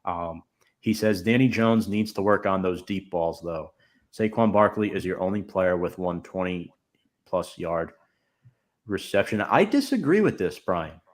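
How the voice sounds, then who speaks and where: Brief: fairly low male host, easygoing, answers the chat. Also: a little slow. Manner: relaxed, reads out chat comments and replies. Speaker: podcast host. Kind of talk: casual podcast chat.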